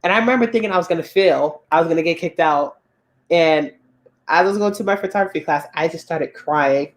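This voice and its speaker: A woman's voice: lowish voice, fairly quick. A young woman with a Southern US accent, co-hosting a casual chat and telling stories with frequent laughs. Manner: chatty storytelling, laughs often. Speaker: co-host.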